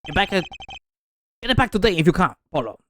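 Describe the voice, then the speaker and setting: A man putting on a loud, boastful noodle vendor. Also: high voice, big pitch swings, fast talker, a little hiss or hum, voice pushed up. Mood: brisk. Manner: loud, proud, theatrical. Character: boisterous middle-aged male noodle vendor. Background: game music.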